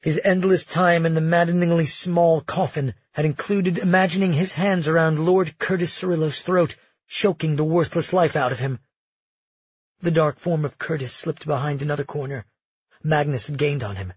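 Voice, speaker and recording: A man narrating a fantasy audiobook in a steady, measured way. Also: on the high side, husky, dry recording, dull audio.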